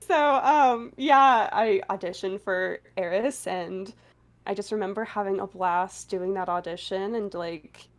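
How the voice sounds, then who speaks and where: A woman voice actor chatting casually on a panel, her voice sitting at an ordinary middle pitch. She talks in a loose, giggly way, with plenty of ums and likes. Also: unhurried. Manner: giggly, chatty, full of fillers.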